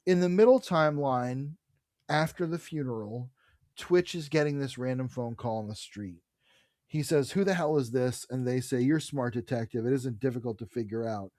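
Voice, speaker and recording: A man co-hosting a casual comic book podcast, retelling scenes with animated bursts and the odd curse. His voice sits at an ordinary pitch and comes through dry and close, with no room sound around it. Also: normal speed, no room sound. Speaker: podcast co-host.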